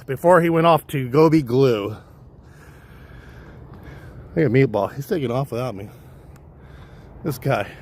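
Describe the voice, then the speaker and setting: Rambling, cussing man out on a hike. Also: medium pitch. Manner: casual, profane, wandering. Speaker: livestream vlogger. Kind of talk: rambling storytelling while hiking. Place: outdoor hillside trail.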